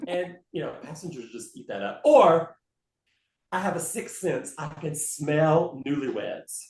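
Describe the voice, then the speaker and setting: Animated man telling flight stories. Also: on the high side, a little slow, vocal fry, echoey room. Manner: animated storyteller who mimics passengers. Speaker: guest, flight attendant. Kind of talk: conversational storytelling interview.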